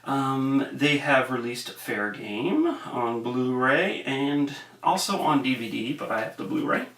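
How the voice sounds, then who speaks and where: Young man, casual film review, rambling and hesitant, gravelly voice, echoey room, distant mic. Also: mid-range voice, expressive, takes it slowly, fairly bright tone, slight background noise. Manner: rambling, hesitant with many fillers. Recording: roomy echo, mic at a distance.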